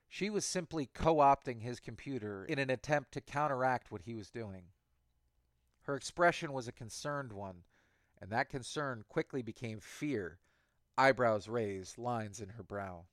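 Give me a male audiobook narrator with a steady, even delivery at a middle pitch. The recording is dry, with no room sound. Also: dry recording.

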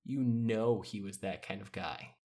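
A casually cruel older teenage girl, as a male reader voices her, drawling her jabs slowly. She sounds condescending and dismissive. His natural voice sits low underneath. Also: creaky, dark tone. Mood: mocking.

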